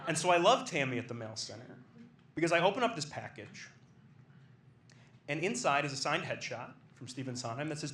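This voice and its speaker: Animated man telling a stand-up story. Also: a little high, a little fast. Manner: animated, excitable storyteller acting out quotes. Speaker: comedian. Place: small comedy club stage with live audience. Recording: roomy club sound with faint ambience.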